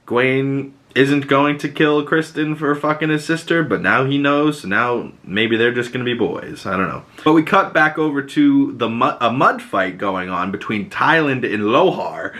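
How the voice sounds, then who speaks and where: A podcast host recaps a TV episode in loose, profane, casual talk, slipping into quick acted quotes of the characters. His voice is medium-pitched, animated, and a little bright.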